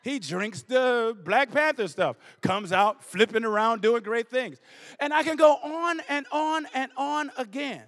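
Man bishop preaching, high bright voice, repeats lines in a rhythm. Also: measured pace. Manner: preacher mixing scripture with a personal story, rhythmic repetition. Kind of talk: sermon.

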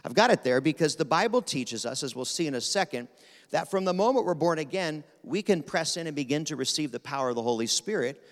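A man from Pennsylvania, preaching a sermon as guest speaker in a quick, animated, rapid-fire way. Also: on the high side. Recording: long reverb of a large hall.

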